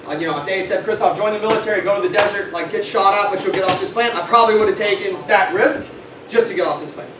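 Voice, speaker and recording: A man leading a sales meeting, giving an animated motivational talk to a live audience and quizzing them with questions. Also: high-pitched. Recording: echoey room, far from mic, noisy.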